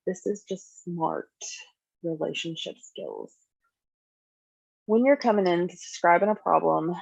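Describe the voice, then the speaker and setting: A woman's voice: on the low side, vocal fry, no echo. A woman therapist teaching a skills class in a conversational way, acting out example dialogue. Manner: conversational, acts out example dialogue in lively voices. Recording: dull, dry lo-fi recording.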